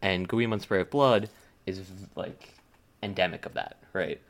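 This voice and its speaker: A man with a very low voice co-hosts a relaxed podcast chat. He rambles, restarts sentences and leans on fillers, getting animated as he makes his points. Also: normal speed. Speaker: podcast co-host. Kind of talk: casual chat. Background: desk smacking.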